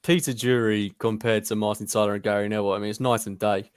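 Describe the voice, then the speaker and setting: A man's voice: on the low side, fairly even intonation, quick pace, smooth, no room sound. Cohost, man, opinionated and fed up, dry close mic. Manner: exasperated, opinionated. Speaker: podcast co-host. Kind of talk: casual football chat.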